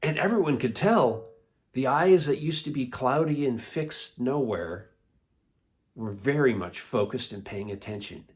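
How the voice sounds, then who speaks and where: Animated man telling a children's Bible story. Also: mid-range voice, unhurried. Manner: animated, playful, laughs often. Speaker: children's church teacher.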